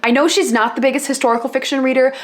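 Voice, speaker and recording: A woman's voice: sits high, steady tone, very fast. Earnest young woman recommending a book. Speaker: guest booktuber. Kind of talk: casual recommendation to camera.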